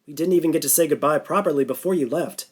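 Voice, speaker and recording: A woman's voice: low-pitched, quick pace, darkish tone, slightly rough. Man voicing a thick-accented Russian woman. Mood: caring. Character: warm, bear-hugging female Russian crewmate.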